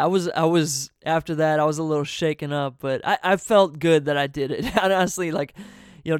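Man, casual storytelling, swears a lot, laid-back, smooth clear voice, dry close sound. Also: a little high, no room sound. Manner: laughs between sentences.

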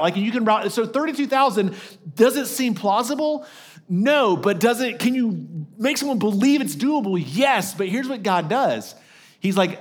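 A man's voice: sits high, expressive, moderate pace. A man preaching a sermon as lead pastor, talking in a conversational way, with frequent restarts and asides to the congregation.

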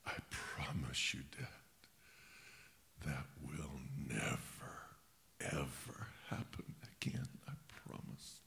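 A man playing a remorseful young boy who stammers out a confession in halting whispers during a sermon story. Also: low-pitched, fairly even intonation, gravelly, a little mellow. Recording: echoey hall, faint hiss.

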